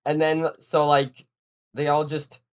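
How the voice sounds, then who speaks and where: A podcast co-host with a middle-pitched voice, retelling scenes in casual chat. Speech is full of "like" fillers and swearing. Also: level tone, slow pace, smooth. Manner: many fillers, swears, acts out quotes. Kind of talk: casual chat recapping a cartoon.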